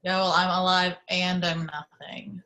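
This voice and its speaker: A woman's voice: fairly low pitch, little pitch movement, a little slow, bright, forceful tone. A woman reading the part of a scared young man chained up in a grim bathroom, sullen at first and then panicky and swearing, in an amateur table read. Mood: bitter.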